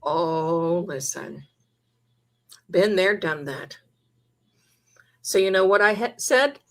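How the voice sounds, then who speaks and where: A woman's voice: fairly low pitch, lively intonation, slow pace, fairly bright tone. A woman hosting a live psychic stream, chatting emphatically and telling stories to her viewers. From Italian heritage. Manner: chatty, emphatic, drifts into quoted voices. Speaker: psychic livestream host. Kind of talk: live chat storytelling.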